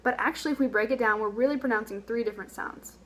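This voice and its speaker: A young woman, a Spanish teacher, giving a recorded lesson. She explains patiently and sounds words out slowly, repeating them for the learner. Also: fairly high pitch, a bit bright.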